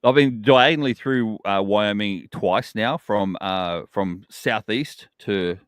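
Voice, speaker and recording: A man's voice: lowish voice, takes it slowly, clear, resonant tone, no room sound. A man, co-hosting a casual podcast and joking around with his partner. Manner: chatty, teasing, animated storytelling. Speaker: podcast co-host.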